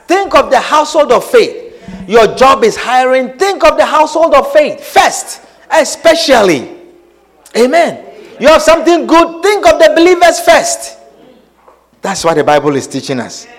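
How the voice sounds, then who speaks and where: A man pastor preaching a sermon, calling questions out to the congregation, dropping into quiet asides and then shouting with laughter. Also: sits high, rough recording. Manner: call-and-response preaching, asks the congregation questions; swings between quiet asides and shouted emphasis, laughing often. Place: church hall before a congregation. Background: congregation responding.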